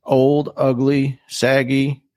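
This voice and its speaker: A man's voice: mid-range voice, takes it slowly, dry recording. Casual storytelling man, dry sound. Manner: animated, swears freely, acts out quoted voices. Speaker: podcast host.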